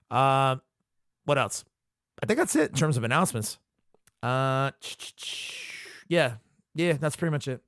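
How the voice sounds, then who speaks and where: A man hosting his own podcast, talking in a loose, rambling way and cursing freely. His voice sits at an ordinary middle pitch. The sound is dry, with no room echo. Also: fairly bright tone. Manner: profane, jokey, rambling commentary. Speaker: podcast host. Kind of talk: casual solo podcast recap.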